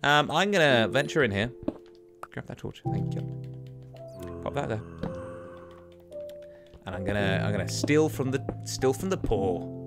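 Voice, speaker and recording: A man hosting a let's play, giving casual gaming commentary and excitedly talking to himself and the creatures in the game. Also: mid-range voice, measured pace, pauses often. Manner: excitable, talks to himself and the mobs. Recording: game music underneath.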